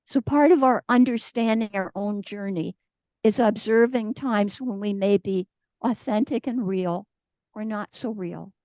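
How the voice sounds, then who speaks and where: Woman speaker, slightly high, mellow voice, dry sound, storytelling sermon. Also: no room sound. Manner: storytelling, acts out quoted voices. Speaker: guest speaker. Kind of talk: conversational sermon.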